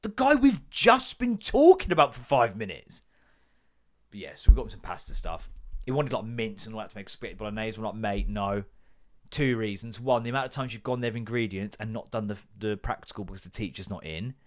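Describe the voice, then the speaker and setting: A man hosting a podcast, telling a story as an animated, exasperated comedic rant and swearing freely. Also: lowish voice, fast. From Britain. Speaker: podcast host.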